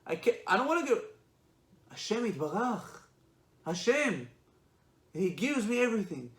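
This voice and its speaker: A man's voice: sits high, big pitch swings, moderate pace, a bit bright, pitched above the performer's own voice, exaggerated voice. A man voicing an elderly rabbi in a story, shaken and pleading with himself in an impassioned, raised voice. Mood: anguished. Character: elderly rabbi, shaken, anguished, self-questioning. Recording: echoey room.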